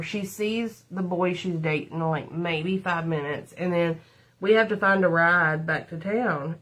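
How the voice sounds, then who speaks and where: A middle-aged woman, telling rambling stories to her livestream viewers while doing her makeup. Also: lowish voice. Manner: chatty, rambling, addresses viewers as y'all. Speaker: livestream host. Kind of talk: casual storytelling and makeup livestream.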